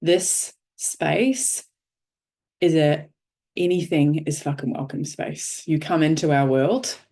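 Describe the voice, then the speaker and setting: A woman's voice: sits low, slow, dark tone. A woman leading an online workshop over a video call, encouraging and swearing casually. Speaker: workshop facilitator.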